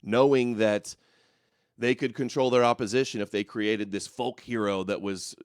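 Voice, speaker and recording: Man, podcast host, very low voice, blunt emphatic delivery, dry sound. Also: fairly even intonation, moderate pace, clean tone, no echo. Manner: blunt and emphatic, stacks up labels. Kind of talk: casual talk show conversation.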